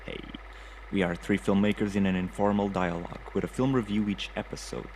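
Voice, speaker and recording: A man co-hosting a casual film-review podcast. He speaks in a relaxed, thoughtful way and often restarts his sentences. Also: fairly low pitch, fairly quick, slight background noise. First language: Portuguese. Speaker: podcast co-host.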